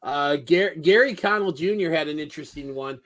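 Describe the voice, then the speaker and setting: A man co-hosting a casual podcast, reading out listener answers in a relaxed, halting way with many fillers. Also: on the high side. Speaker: podcast co-host.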